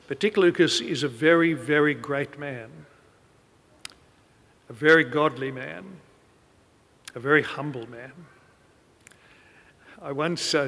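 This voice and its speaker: A man's voice: on the high side, fairly bright tone, big-room sound. A middle-aged man preaching a sermon, telling stories and quoting the people in them. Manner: storytelling, quoting people in anecdotes.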